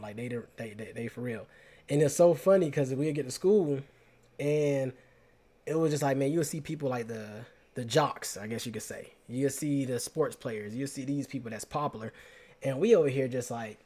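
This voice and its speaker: A young man with an Atlanta Southern accent telling stories casually to the camera, slangy and animated, repeating himself. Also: fairly high pitch. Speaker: vlogger.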